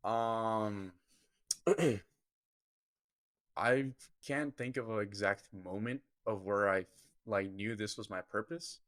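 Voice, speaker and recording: A man's voice: lowish voice, steady tone, takes it slowly, long pauses, fairly bright tone, no room sound. A young man, a guest on a podcast, earnestly telling a personal story in vivid detail. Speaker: podcast guest, football kicker. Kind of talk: personal storytelling in a casual interview.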